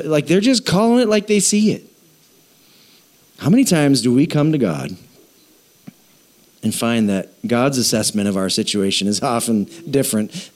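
A man preaches to his congregation in a chatty, jokey way, firing questions at them. His voice sits a little high and swings widely in pitch. He sounds like a pastor at a church service. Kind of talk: sermon.

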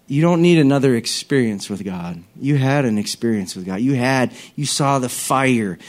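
A male pastor preaching a lively, conversational sermon, dropping to soft tones and acting out voices. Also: mid-range voice. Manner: conversational, acts out voices, varies loudness.

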